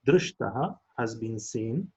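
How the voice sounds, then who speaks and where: A man with a somewhat husky voice gives an academic lecture, explaining slowly and carefully. His voice sits at a middling pitch. The recording sounds a bit dull and lo-fi. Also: lively intonation, a little mellow. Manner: explains slowly and carefully, chants Sanskrit verse in a raised voice. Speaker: lecturer on Buddhist philosophy.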